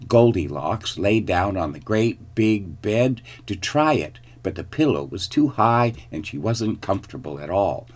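A man narrates a children's fairy tale, taking his time over each line. His voice sits low and his delivery is slow and deliberate. He reads with clear, storybook expression. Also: a little mellow. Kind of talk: storybook reading.

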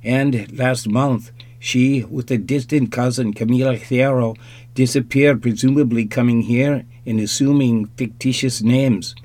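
A man reading an audiobook, voicing a nervous, formal young man with a slight accent in higher, louder tones. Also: fairly even intonation, measured pace, natural voice. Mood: formal, earnest.

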